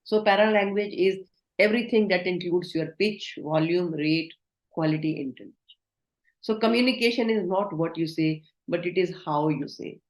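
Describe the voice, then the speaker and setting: A woman's voice: on the low side, normal speed. A woman giving an online training lecture, instructive and asking the class questions. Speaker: communication trainer. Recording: roomy echo.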